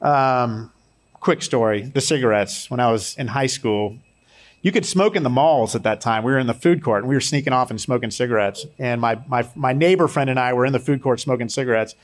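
A man's voice: medium pitch, fairly quick. A man preaching a sermon in a conversational way, mixing scripture with personal stories and light humor. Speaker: pastor.

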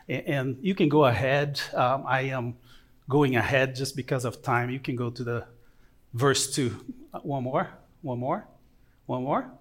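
A man preaching a sermon and praying, speaking English with a non-native accent, earnest with halting fillers and joking asides. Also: on the high side. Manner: joking, self-mocking asides. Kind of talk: sermon with prayer.

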